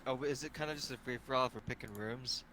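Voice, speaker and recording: A man's voice: medium pitch, quick pace, pushed and bright, slight background noise, poor audio. Rambling eager male player. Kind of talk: casual tabletop play.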